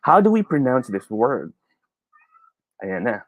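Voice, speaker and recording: A man's voice: medium pitch, big pitch swings, a little slow, narrow, tinny audio, slight background noise. A man with a Filipino accent teaching a live online pronunciation lesson, upbeat and encouraging, reading out viewer comments and switching between English and Tagalog.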